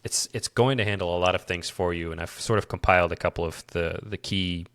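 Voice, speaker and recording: Recorded dry and at studio quality, this deep-voiced, fairly bright man talks briskly. He's a Midwestern developer co-hosting a laid-back tech podcast, rambling through an explanation of his project with frequent restarts.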